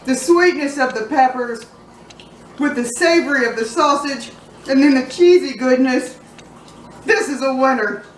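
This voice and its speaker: Playful cheeky woman cooking in an echoey kitchen. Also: high voice. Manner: playful, cheeky and profane, savoring food aloud. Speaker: cooking vlog host. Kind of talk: casual cooking vlog. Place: home kitchen. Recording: echoey room, mic at a distance, faint noise.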